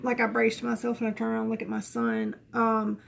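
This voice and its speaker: A woman's voice: on the high side, completely flat delivery, a little fast, gravelly, slight background noise. A woman, telling a personal story to camera in a rambling, chatty way full of restarts and asides. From Southern United States. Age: 20s. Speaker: vlogger.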